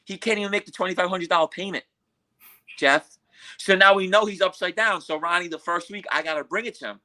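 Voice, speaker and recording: A man from Queens, telling a story as a podcast guest in a profane, animated way and acting out what others said. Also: sits high, brisk. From Queens, New York. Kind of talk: casual storytelling.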